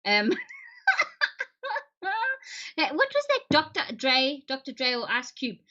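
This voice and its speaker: This livestream host's voice is high-pitched and pushed, bright, with huge swings in pitch and a slow delivery. Joking and laughing a lot, she chats casually with her viewers over dull, lo-fi stream audio.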